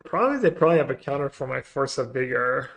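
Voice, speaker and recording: Male streamer, mid pitch, mutters his plays aloud and cracks jokes with chat. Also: big pitch swings, quick pace, creaky. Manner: muttering, trailing off quietly; joking banter with chat. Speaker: streamer playing a card game. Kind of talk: thinking aloud while playing.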